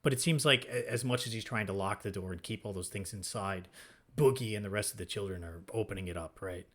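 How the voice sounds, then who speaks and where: Male podcast co-host, low pitch, thinks out loud, frequent restarts. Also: quick pace. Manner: thinking aloud, many restarts and "right?" checks. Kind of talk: casual film discussion.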